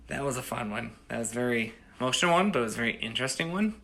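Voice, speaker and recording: A man's voice: medium pitch, animated, very fast, creaky, hardly any pauses, fairly bright tone. A man in his thirties from the United States, telling a personal story casually, rambling with many restarts and "you know"s. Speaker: storyteller and host.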